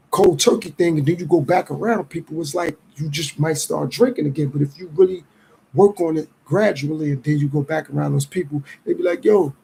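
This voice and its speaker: A middle-aged man hosts a podcast, reflecting casually with a streetwise edge and tossing off quick impressions of what others said. His voice is a little high, mellow and fry-tinged, and the rough recording has a bit of hiss or hum.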